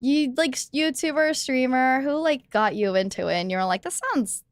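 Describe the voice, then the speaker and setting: A young woman chats as a podcast host, her voice sitting on the higher side. She jokes and teases her guest constantly, breaking into laughs. The sound is close and dry, with no room at all. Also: clean tone, no room sound. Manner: playful, teasing, quick to laugh. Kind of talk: casual podcast chat.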